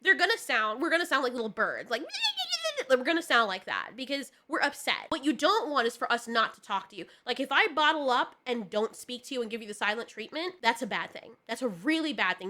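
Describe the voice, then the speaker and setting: Young woman, casual co-host, animated and blunt, bright voice pitched a little high. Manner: animated, swings between loud and hushed, swears freely. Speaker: podcast co-host. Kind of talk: casual advice chat.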